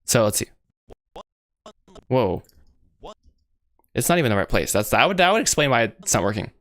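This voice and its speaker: A young man from the US, medium-pitched and talking at a normal speed, hangs out casually on a livestream during an animation session. Excitable and self-mocking, he wanders from topic to topic, voices mouth shapes, and keeps calling out "bro" and "guys."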